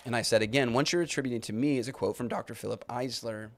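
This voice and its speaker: A man's voice: mid-range voice, fast. A man hosting a podcast, arguing his point and rebutting comments he reads aloud, with many restarts. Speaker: podcast host. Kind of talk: live-stream commentary reading comments.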